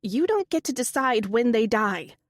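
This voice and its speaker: A high, raised voice of a caring young woman pleads with urgent feeling, as a woman narrator puts her on. She sounds lifted above the reader's own tone and louder, in a dry storybook reading. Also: sing-song, normal speed, no echo. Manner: urgent, emotional.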